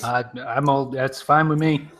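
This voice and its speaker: A man's voice: mid-range voice, steady tone, a little slow, a bit bright. A man co-hosting a casual podcast chat, joking and laughing often.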